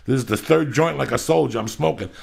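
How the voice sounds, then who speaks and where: A middle-aged podcast host with a gravelly, husky, medium-pitched voice talks quickly and loudly in a casual chat. He tells rambling stories laced with heavy swearing.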